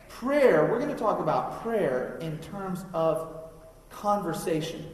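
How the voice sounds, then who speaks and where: A man's voice: on the high side, expressive, slow pace, a little hiss or hum. A man in his thirties preaching a sermon in a conversational way, asking the congregation questions. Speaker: pastor. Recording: echoey hall, mic from far off.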